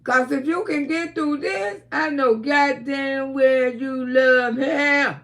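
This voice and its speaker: A woman hosting a casual livestream, talking loudly with frequent laughter and cursing while telling stories to her viewers. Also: high voice, slow pace, slight background noise. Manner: loud, laughing, storytelling with lots of cursing. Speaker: livestream host.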